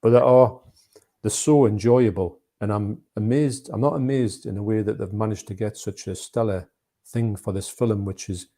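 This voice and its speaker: A man with a low, gravelly voice talks loosely about cult films on a live stream, circling back and restarting his sentences as he goes. His tone is dark and mellow. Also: fairly even intonation, normal speed. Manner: rambling, restarts often, retells film scenes in put-on voices. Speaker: guest. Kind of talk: casual movie chat on a live stream.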